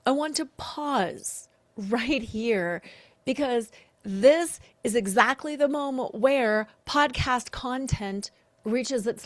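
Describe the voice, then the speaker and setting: Female coach hosting a solo podcast. Earnest and animated, voice on the high side. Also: dry recording. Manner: earnest, animated, acts out quoted lines. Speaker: podcast host and betrayal coach.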